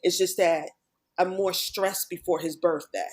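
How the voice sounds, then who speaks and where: A middle-aged woman talks candidly and earnestly as a guest on a podcast. Her voice sits a little low, and she often acts out remembered conversations in quick quoted bursts. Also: fairly even intonation.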